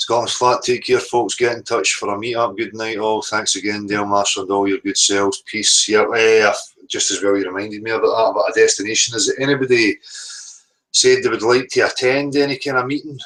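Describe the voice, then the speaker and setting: Scottish man hosting a livestream, a bit low, loose and hesitant. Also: flat delivery, a little fast, a bit bright, poor audio. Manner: rambling, hesitant with many ums. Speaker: livestream host. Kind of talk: casual live chat sign-off.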